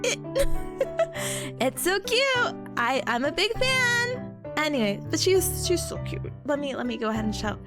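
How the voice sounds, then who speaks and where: A woman's voice: high voice, normal speed, loud music behind the voice. A woman streamer chatting casually as she recaps her convention trip, giggling often and stumbling over repeated words. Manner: giggly and animated, frequent laughing and stammered restarts. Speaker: VTuber streamer.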